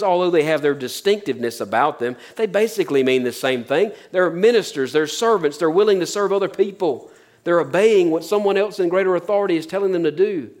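Pastor, man, higher-pitched, easy conversational sermon delivery with sudden hushed drops. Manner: conversational preaching, sudden drops to near-whispers.

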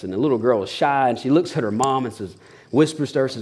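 A middle-aged pastor preaching a sermon in an earnest tone. His voice sits at a medium pitch, and he often repeats a word as he restarts a thought. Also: quick pace, a little mellow.

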